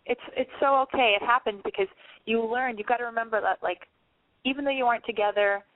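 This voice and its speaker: A woman's voice: on the high side, fairly even intonation, fast talker, no echo, narrow, tinny audio. A woman hosting a call-in advice show, gushing, emotional and reassuring as she talks with callers. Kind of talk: casual call-in advice chat.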